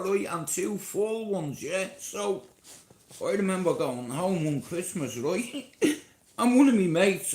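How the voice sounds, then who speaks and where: Dublin male streamer, fairly high voice, slow profane storyteller, roomy echo. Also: a little mellow. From Ireland. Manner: profane, chatty, keeps checking in with listeners. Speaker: live streamer. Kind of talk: rambling live-stream storytelling. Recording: echoey room.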